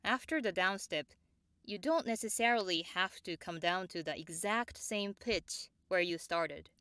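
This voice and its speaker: Woman, pronunciation teacher, slightly low-pitched, unhurried and exact, dry close mic. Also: fairly bright tone, no room sound. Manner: measured and precise, models example words slowly and repeats them. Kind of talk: slow, clear instructional explanation.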